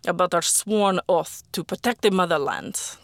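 An audiobook reader telling a first-person war story in a quiet, slow, deliberate way that at times drops to a whisper. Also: mid-range voice, no echo, clean studio sound.

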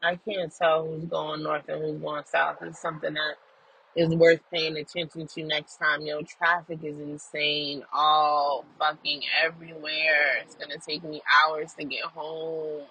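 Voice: medium pitch, flat delivery, a little slow, gravelly, bright, forceful tone, a little hiss or hum, low-quality recording. A person recording a casual audio journal in a car while driving, telling a story in an emphatic, profane way. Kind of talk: casual venting monologue.

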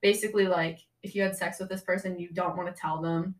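A woman's voice: fairly low pitch, quick pace, distant mic. A young woman guesting on a podcast, telling a story in casual chat and saying "like" constantly. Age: young adult. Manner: chatty, heavy use of "like", animated retelling.

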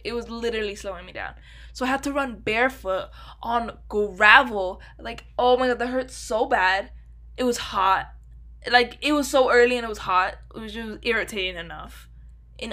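A young woman telling a story in a casual solo podcast, swearing freely and cutting herself off. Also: fairly high pitch. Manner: swears freely, animated, self-interrupting. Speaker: podcast host.

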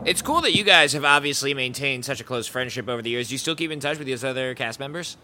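A man's voice: mid-range voice, fast, sharp tone, a little hiss or hum. A man hosting an interview podcast, asking his guests curious, easygoing questions. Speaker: podcast host.

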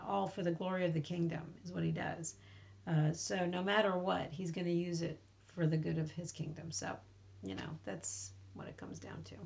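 Gravelly-voiced woman podcaster, chatty. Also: medium pitch. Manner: chatty, rambling, informal. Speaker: podcast host. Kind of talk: casual Bible reading recap. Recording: slightly muffled recording.

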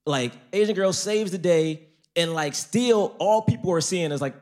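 A man's voice: high voice, moderate pace, a little mellow. A man co-hosting a live podcast, talking about a film with emphatic, slangy storytelling. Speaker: podcast co-host. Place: live stage at a podcast festival.

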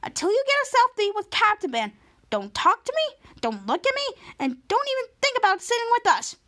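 A woman's voice: very high-pitched, huge pitch swings, moderate pace, pushed and bright, voice pushed up, heavily acted. A woman voicing a snobby, mean teenage girl who leads a fan club, speaking dismissively. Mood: haughty. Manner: haughty, dismissive.

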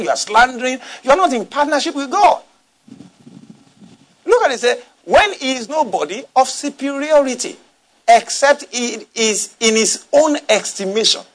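Male pastor, high-pitched and swinging in pitch, emphatic sermon delivery with repetition. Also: a bit bright. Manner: emphatic preaching, repeating and asking the congregation to respond.

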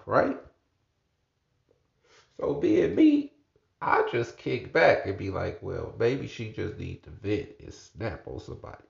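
A man tells a work story in a casual, slangy monologue. His gravelly voice swings widely in pitch as he goes. The sound is roomy and dull. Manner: slangy, animated, lively storyteller. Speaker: customer service agent and supervisor.

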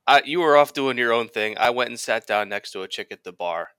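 Lively, bright-voiced man telling a story. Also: mid-range voice, brisk, smooth, no echo, clean studio sound. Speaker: podcast co-host. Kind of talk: casual podcast chat, storytelling.

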